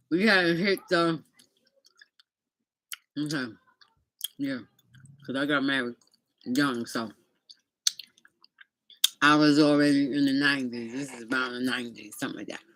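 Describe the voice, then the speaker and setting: A woman's voice: extremely low pitch, unhurried, pauses often, no echo. A middle-aged woman vlogger telling a casual story, chatty and speaking straight to her viewers, sometimes eating as she talks.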